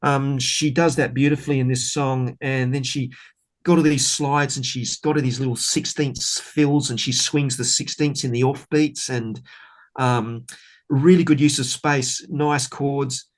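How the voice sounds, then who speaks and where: A man's voice: medium pitch, fairly even intonation, unhurried. Enthusiastic man, rambling. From Australia. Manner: enthusiastic, rambling, many fillers. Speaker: bass player guest. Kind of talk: casual podcast interview.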